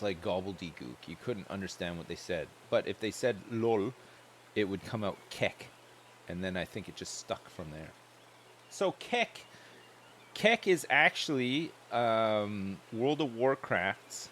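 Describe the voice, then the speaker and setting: A man's voice: fairly low pitch, a bit bright, a little hiss or hum. A man chatting loosely and joking while livestreaming a game, rambling from one thought to the next. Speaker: streamer.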